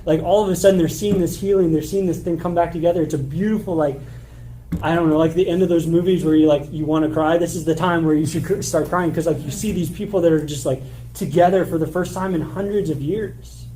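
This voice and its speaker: Conversational pastor with a mellow voice. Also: male voice, a little high, steady tone, quick pace, a little hiss or hum, low-quality recording. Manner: conversational, casual filler words; reads scripture passages aloud. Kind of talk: sermon. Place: church.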